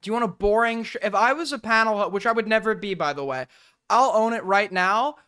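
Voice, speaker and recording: A man's voice: sits high, bright, forceful tone, clean tone. A man streaming, reacting to a video clip with sarcastic, rambling commentary and bursts of laughter.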